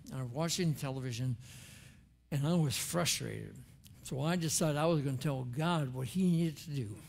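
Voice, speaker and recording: A man's voice: a little high, vocal fry, a little mellow. An older man, a former chaplain, preaching a sermon in an earnest, conversational storytelling way with emphatic turns. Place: church sanctuary.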